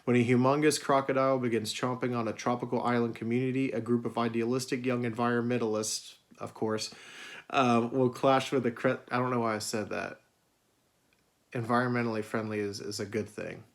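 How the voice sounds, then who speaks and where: A man's voice: medium pitch, little pitch movement, a little fast. A man hosting a casual video review of his movie collection, rambling with many fillers and frequent swearing. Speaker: video host.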